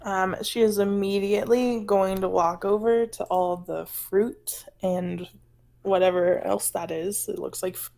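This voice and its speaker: A woman's voice: medium pitch, fairly even intonation, measured pace, vocal fry, mellow. Casual woman describing her game character. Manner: casual, with lots of fillers. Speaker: player.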